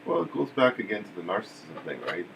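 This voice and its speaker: A man with a low, lively voice joins a casual live stream as co-host, sounding wry and agreeable. A faint noise sits behind him. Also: quick pace, creaky, low-quality recording. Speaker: co-host guest.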